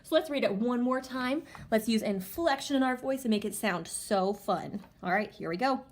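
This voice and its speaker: A woman teacher giving a remote reading lesson to young children, reading aloud in an animated, sing-song way with big excited rises. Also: medium pitch, fairly quick, few pauses. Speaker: elementary school teacher.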